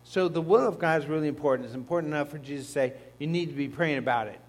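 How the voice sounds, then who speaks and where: A man's voice: fairly high pitch, rapid-fire. A man, a pastor, preaching a sermon in a conversational teaching manner, with asides to the congregation. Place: church.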